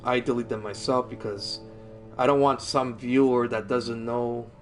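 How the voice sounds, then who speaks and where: A man's voice: medium pitch, fairly even intonation, measured pace, faint music behind. A man livestreaming and chatting casually with viewers, rambling with many fillers and casual swearing. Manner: rambling, filler-heavy, lots of "like" and "you know". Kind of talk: casual chat with stream viewers.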